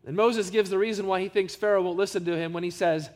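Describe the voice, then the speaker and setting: A pastor with a high male voice delivers a sermon. He speaks in an earnest, emphatic way and keeps drawing the congregation in with rhetorical questions. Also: fairly even intonation, fast, a little mellow, in a large hall.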